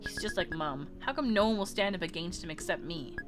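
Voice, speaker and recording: A woman's voice: lowish voice, lively intonation, brisk, natural voice. A woman reading the part of a hot-tempered, defiant teenage girl aloud from a visual novel, in an angry, blunt manner. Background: game music.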